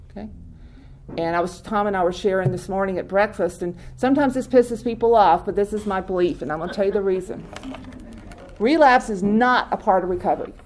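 A woman's voice: medium pitch, brisk, darkish tone, a little hiss or hum. A woman speaking at a recovery meeting, talking informally to a group, asking them questions and laughing often. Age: adult with many years in recovery. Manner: conversational, quizzes the audience, laughs often.

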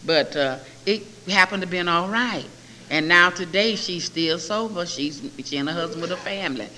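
A bright, sharp-toned older woman gives a personal testimony as a recovery meeting speaker. She tells her story vividly and slips into lively voices for the people in it. Her voice rings through an echoey hall over a faint hiss. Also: fairly low pitch, moderate pace.

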